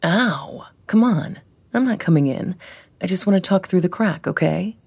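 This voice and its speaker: A woman reading an audiobook, voicing a smug, pushy man who keeps justifying himself in a glib, quiet way. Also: lowish voice, lively intonation, normal speed, vocal fry, husky, no echo, exaggerated voice. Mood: mocking. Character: male ex-boyfriend, smug, pushy, self-justifying.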